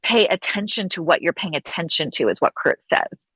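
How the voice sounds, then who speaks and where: A woman speaks as an interview guest in a fairly low voice, earnest and reflective. She draws out her key phrases slowly for emphasis. The sound is dry and close, with no room echo. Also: expressive, fairly bright tone, slightly rough. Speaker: guest author and counselor. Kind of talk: conversational interview.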